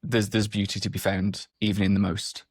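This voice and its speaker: A man's voice: on the low side, little pitch movement, brisk, darkish tone, breathy edge, dry recording. A man co-hosting a podcast, talking casually with a dry, sarcastic edge. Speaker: podcast co-host. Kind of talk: casual chat.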